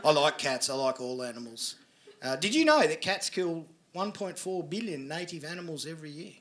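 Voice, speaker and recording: A man with an Australian accent doing a crude stand-up set, swearing and building into loud storytelling. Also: a little high, very animated, moderate pace. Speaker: stand-up comedian. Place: comedy venue with audience laughter.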